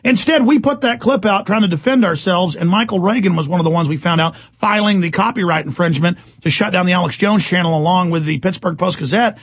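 A man hosting a talk radio show, ranting angrily, repeating himself and shouting. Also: high voice, fast, few pauses, breathy edge, no room sound. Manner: shouting, indignant, repetitive. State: agitated. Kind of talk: angry talk radio rant.

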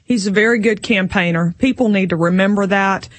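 A woman's voice: mid-range voice, brisk, no room sound. A woman, a political candidate speaking firmly as a radio guest. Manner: firm, speech-like advocacy. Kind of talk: political talk radio interview.

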